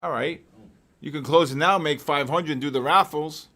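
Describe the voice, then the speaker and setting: A man hosting a live trading stream, excitable and joking as he calls out market moves to his viewers. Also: on the high side, normal speed. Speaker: host of a live trading session.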